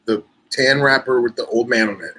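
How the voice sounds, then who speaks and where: A man co-hosting a podcast, chatting in a relaxed, self-mocking way. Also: mid-range voice, brisk, rough recording. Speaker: podcast co-host. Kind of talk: casual chat.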